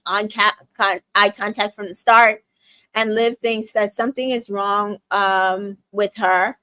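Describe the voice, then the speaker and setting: A woman's voice: medium pitch, a bit bright, no room sound. A woman hosting a casual TV recap, chatty and emotionally invested, with lots of fillers and self-corrections. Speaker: recap show host.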